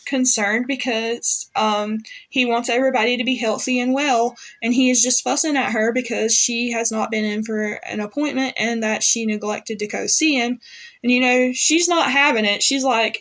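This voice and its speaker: Woman fan reviewer, casual recap, slightly high voice, chatty with lots of ums. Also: normal speed, fairly bright tone. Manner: chatty, many fillers, paraphrases lines in quotes.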